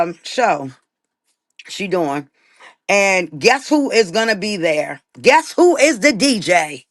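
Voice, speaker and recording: A woman's voice: mid-range voice, fairly bright tone, no room sound, clean studio sound. Blunt, profane woman ranting on a live stream. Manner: blunt, profane, emphatic repetition. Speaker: livestream host. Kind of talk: casual livestream rant. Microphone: laptop mic on a live stream.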